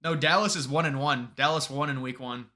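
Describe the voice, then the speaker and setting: A man with a very bright, sharp-edged voice hosts a live stream. He talks loosely with his viewers, greets them and answers their comments, and often trips over and restarts his sentences. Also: medium pitch, fairly quick. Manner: rambling, restarts sentences, reads chat aloud.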